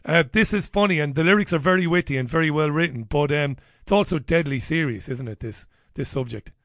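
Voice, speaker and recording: A man's voice: a little high, a little fast, no room sound. A man hosting a radio show from a studio, chatty and jokey as he interviews a guest. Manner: chatty, jokey, lively banter. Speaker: radio host.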